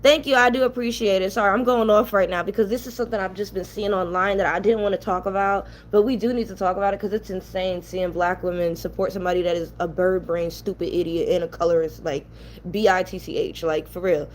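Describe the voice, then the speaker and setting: A young New York woman hosting a commentary channel rants heatedly in a mid-range, steady voice, talking fast. She is blunt and profane in this casual commentary, with slight background noise.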